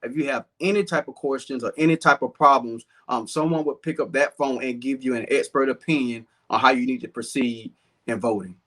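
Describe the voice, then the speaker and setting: A man's voice: medium pitch, steady tone, brisk, a bit bright. A man in his thirties from southern Georgia with a Southern accent, an earnest political candidate talking in an interview with frequent fillers. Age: 30s.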